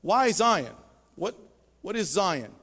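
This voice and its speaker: A male pastor preaching a sermon, with emphatic swells and sudden quiet drops. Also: high-pitched, big pitch swings, slow, long reverb tail. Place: church sanctuary.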